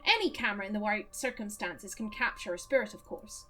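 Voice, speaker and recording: A woman's voice: mid-range voice, fairly quick, a bit bright, a little hiss or hum, pitched below the performer's own voice, close to an everyday voice. A woman voicing a middle-aged male doctor in a video game, in a put-on Irish accent, speaking in an earnest, precise, lecturing way. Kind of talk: reading game dialogue aloud.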